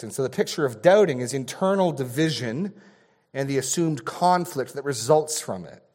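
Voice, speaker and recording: An earnest male preacher with a mid-pitched voice, teaching through a sermon. He gets louder and softer to stress his points, often dropping to a quiet level. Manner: earnest, varies loudness for emphasis. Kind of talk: expository sermon.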